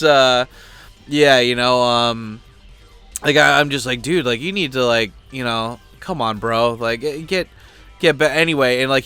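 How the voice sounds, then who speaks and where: A man's voice: medium pitch, sharp tone, smooth, dry recording. A middle-aged man hosting a channel, venting in a rambling, blunt, crude way, full of fillers and restarts. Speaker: host. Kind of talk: casual venting monologue.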